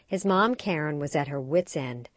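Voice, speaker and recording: A woman co-hosting a parenting show, reading a scripted story with expressive storytelling. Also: low voice, normal speed, no room sound. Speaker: radio show co-host. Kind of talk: scripted narration.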